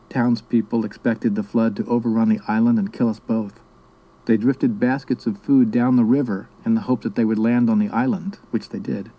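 A man from South America reading his memoir aloud in a steady, measured storytelling manner. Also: medium pitch, rough recording. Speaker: narrator.

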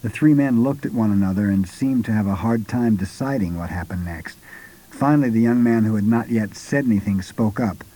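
A man narrating an audiobook in a measured, unhurried reading. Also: lowish voice, warm tone, rough recording.

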